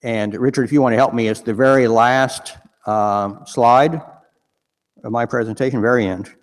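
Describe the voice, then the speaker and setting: A man lays out a legal argument to a live audience, slowing down to stress the words that matter. His voice sits in the middle of the range and trails a long reverb through a large hall. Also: medium pitch, fairly even intonation. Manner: deliberate, stresses key words. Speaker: attorney speaking at a panel event. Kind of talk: unscripted legal talk to an audience.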